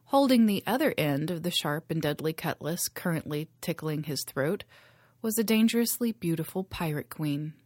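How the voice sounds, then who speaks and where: A woman narrating a novel chapter in a steady storytelling voice. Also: low-pitched, normal speed, dry recording. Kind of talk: audiobook reading.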